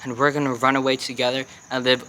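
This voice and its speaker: Dreamy, gushing lovestruck teenage girl, played by a teen boy; bright voice. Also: mid-range voice, level tone, fast, a little hiss or hum, lightly acted.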